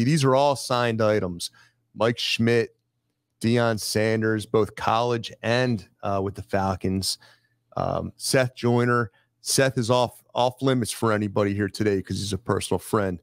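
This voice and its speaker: A man hosting a casual studio chat, brisk and jokey as he runs through a list of items. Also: on the low side, no echo. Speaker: host. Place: studio filled with sports memorabilia.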